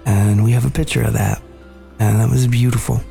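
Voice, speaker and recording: A man hosting a podcast, earnestly recounting a family memory in a measured, reflective way. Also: mid-range voice, flat delivery, creaky, warm tone, faint music behind. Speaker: podcast host. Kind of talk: reflective storytelling conversation.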